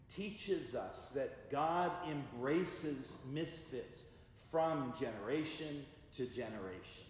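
A male pastor preaching a sermon in a church, measured and deliberate. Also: medium pitch, darkish tone, a little hiss or hum. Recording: echoey church hall.

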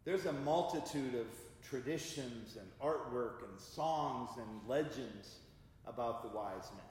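Male pastor, measured sermon delivery, slow, church reverb. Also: mid-range voice, a little mellow. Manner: measured, deliberate preaching. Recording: echoey church hall.

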